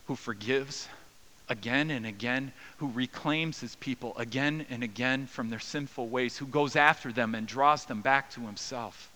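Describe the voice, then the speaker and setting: Bright-voiced male pastor preaching earnestly. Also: mid-range voice, poor audio. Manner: earnest, dynamic preaching with soft drops and raised cries. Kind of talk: sermon.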